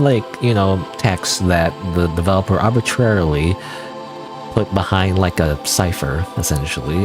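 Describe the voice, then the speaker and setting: A man with a lowish voice gives loose let's-play commentary, wandering through his thoughts with constant "like" and "you know". The game's music plays clearly under his voice throughout. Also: animated, fairly quick. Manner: rambling, full of "like" and "you know". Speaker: game streamer. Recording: game music playing under voice.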